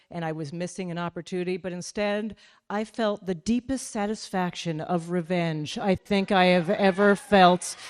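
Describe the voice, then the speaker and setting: A woman's voice: fairly low pitch, smooth. A woman from Calgary, Canada, telling a self-deprecating comic story on stage to a live audience and acting out the dialogue.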